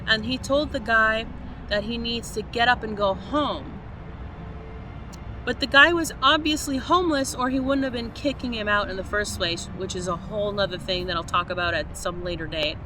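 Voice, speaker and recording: A young woman from Canada, a van-life vlogger, telling a story in an animated way and laughing often. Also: on the high side, normal speed, noisy background. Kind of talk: storytime vlog.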